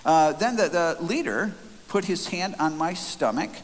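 A man's voice: a little high, lively intonation, measured pace. Earnest man telling a sermon story. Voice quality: earnest, conversational, frequent restarts. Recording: faint hiss, long hall reverb.

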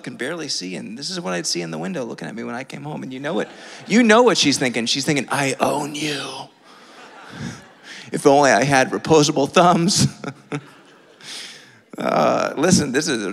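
A man preaching a sermon from a church, telling a funny personal story with lively, self-mocking energy. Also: on the high side, creaky. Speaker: pastor. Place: church sanctuary. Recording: long reverb of a church hall.

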